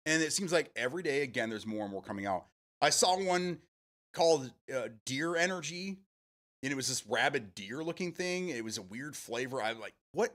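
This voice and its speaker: A man's voice: medium pitch, a bit bright. A man hosting a live stream, chatting casually with viewers, rambling and swearing freely as he answers chat.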